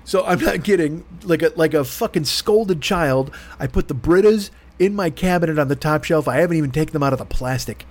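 A man telling a comedic story on a podcast, animated and profane, mocking himself. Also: a little high, fairly quick, few pauses. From grew up poor. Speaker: podcast host.

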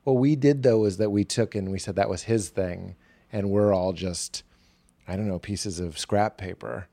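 A man's voice: on the low side, moderate pace, creaky, warm tone. A man hosting a casual conversation, talking in an earnest, reflective way and speaking openly about himself. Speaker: podcast host and author.

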